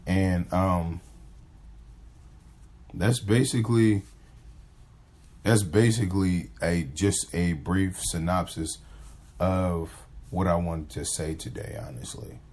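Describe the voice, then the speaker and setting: A man's voice: low-pitched, steady tone, takes it slowly, long pauses, darkish tone. A man hosting his own podcast, talking casually in a rambling way with many restarts and acting out pickup lines. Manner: acts out pickup lines in a livelier voice. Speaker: podcast host. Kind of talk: casual monologue.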